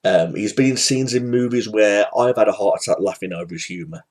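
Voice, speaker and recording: A man's voice: lowish voice, a little fast, darkish tone. A man giving a casual, rambling spoken film review, full of fillers and restarts. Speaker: movie reviewer.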